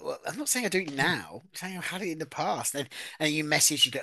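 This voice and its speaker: Podcast host, super animated up-and-down voice, dry close sound. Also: medium pitch, fast, creaky, hardly any pauses, no echo. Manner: animated, swearing, gossipy storytelling. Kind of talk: casual chat.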